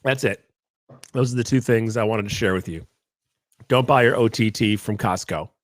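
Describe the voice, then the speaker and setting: A man's voice: on the low side, moderate pace, no room sound, clean studio sound. A man hosting a podcast, talking casually in a rambling, jokey monologue. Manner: animated, rambling, jokey asides. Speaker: podcast host.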